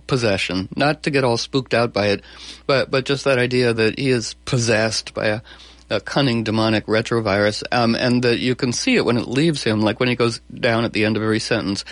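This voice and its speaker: A man hosting an interview, who talks in a rambling, animated way with many restarts. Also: on the low side, no echo. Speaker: host. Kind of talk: enthusiastic interview talk.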